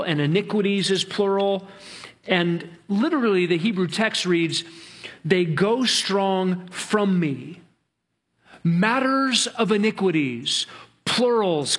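High-voiced man preaching a sermon. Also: a bit bright. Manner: earnest preaching, stretches key words slowly. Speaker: pastor.

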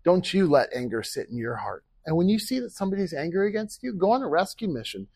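Husky-voiced male pastor preaching. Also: sits high, sing-song, quick pace, darkish tone, no room sound. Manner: earnest, conversational preaching with rhetorical questions; acts out quoted speech. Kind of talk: sermon.

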